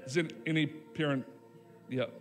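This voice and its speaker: A man preaching a sermon as pastor, emphatic, with dramatic pauses and voiced quotes. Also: a little high, steady tone, long reverb tail.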